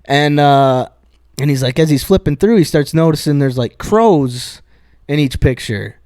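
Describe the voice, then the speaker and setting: Brief: man, slightly high voice, dry close mic, rambling profane podcast storyteller. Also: animated, measured pace, darkish tone, no echo. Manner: rambling, profane, many restarts and fillers. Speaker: podcast co-host. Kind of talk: casual chat, retelling a stand-up bit.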